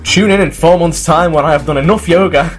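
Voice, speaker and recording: A man's voice: a little high, brisk, music in the background. A man, co-hosting a podcast, teasing his friend and laughing often in casual chat. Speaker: podcast co-host.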